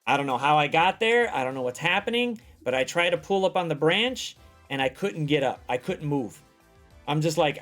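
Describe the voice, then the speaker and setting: A man with a fairly high voice tells a long personal story in a loose, rambling chat, swearing freely and acting out what everyone said. Soft music plays faintly behind him. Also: expressive, normal speed. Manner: profane, rambling storytelling full of acted-out quotes. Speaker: guest telling a personal story. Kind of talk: casual chat.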